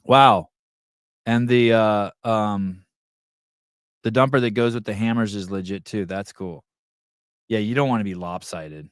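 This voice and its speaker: Low-voiced, rambling podcast host man. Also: unhurried, long pauses, clean tone, dry recording, clean studio sound. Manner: rambling, profane, thinking aloud. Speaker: podcast host reading live chat. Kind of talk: casual livestream chat.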